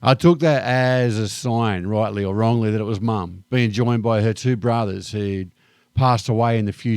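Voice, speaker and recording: A middle-aged Australian man with an Australian accent, reflecting calmly and thoughtfully in a personal vlog monologue. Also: on the low side, gravelly, no echo, clean studio sound. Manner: calm, unhurried and thoughtful. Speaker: vlogger.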